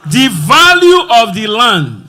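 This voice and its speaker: A man with a Nigerian accent hosting a live event, loud and joking with the crowd. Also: very high voice, wildly swooping pitch, takes it slowly. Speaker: event host. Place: conference hall with music and crowd.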